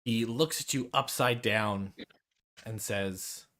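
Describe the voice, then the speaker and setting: A man's voice: fairly low pitch, slow pace, a bit bright. A man narrating as game master of a tabletop game, rambling with frequent restarts. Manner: rambling with many restarts and fillers.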